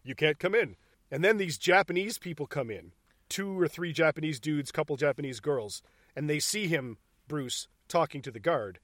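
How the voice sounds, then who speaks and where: A man with a somewhat high voice co-hosts a casual movie podcast, cursing freely and laughing as he acts out favorite scenes. His voice sounds close and dry, with no room around it. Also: animated, fairly bright tone, dry recording. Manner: profane, laughing, acts out scenes in quick bursts. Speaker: podcast co-host.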